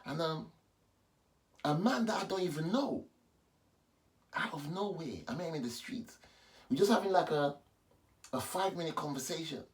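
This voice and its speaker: A man, a pastor, giving an animated personal testimony in a vlog and repeating himself as he talks. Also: fairly high pitch, normal speed, pauses often. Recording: distant mic with faint background noise.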